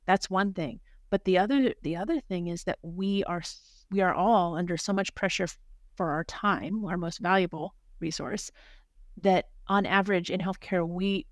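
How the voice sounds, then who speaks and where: A woman with a somewhat low voice talks quickly and earnestly as a guest on a podcast. She often restarts and repeats words as she goes. The sound is dry and close, with almost no room echo. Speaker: hospital physician executive, guest. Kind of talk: podcast interview conversation.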